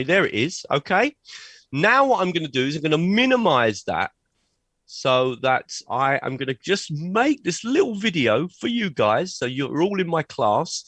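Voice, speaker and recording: Lively man giving an online workshop. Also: mid-range voice, no room sound. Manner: energetic, frequent "okay?" check-ins. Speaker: teacher trainer. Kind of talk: live online workshop demo. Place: at a computer sharing his screen.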